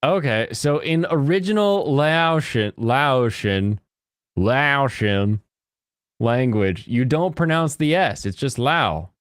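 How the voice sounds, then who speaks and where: An American man chatting casually with his live-stream audience, joking and breaking into high mocking voices. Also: lively intonation, takes it slowly, smooth, no room sound, studio quality. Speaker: streamer reacting to chat.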